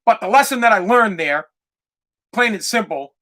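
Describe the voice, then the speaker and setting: A podcast host tells a story in a casual, rambling way, swearing freely. His voice sits high for a man. It has a bright, forceful edge. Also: moderate pace. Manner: profane, animated, rambling.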